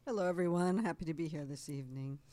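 A woman's voice: sits low, fast talker, warm tone. A woman from New Jersey with a New Jersey accent, a guest co-host who cracks jokes in casual chat.

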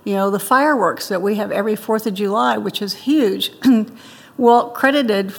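A woman's voice: medium pitch, moderate pace, gravelly, big-room sound. An older woman being interviewed, telling childhood stories in a chatty way and laughing often. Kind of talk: interview storytelling.

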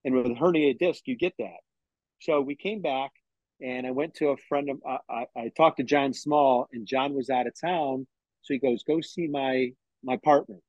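A man's voice: medium pitch, normal speed, no echo, highs cut off. A middle-aged man telling a personal story in an interview, acting out what others said to him and often restarting his sentences. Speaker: interview guest.

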